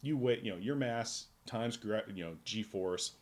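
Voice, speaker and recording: On a casual comic book podcast, a co-host with a lowish voice speaks a little slowly as he spins long, playful pseudo-scientific theories to explain plot holes. He's recorded on a podcast microphone.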